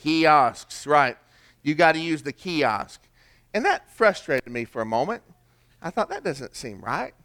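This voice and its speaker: Older guy preaching, bit high voice, folksy stories and call-and-answer questions. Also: very animated, a little slow, a bit bright, clean tone. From American South. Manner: folksy, preaching with rising emphasis and rhetorical questions. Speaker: pastor. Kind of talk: sermon with storytelling.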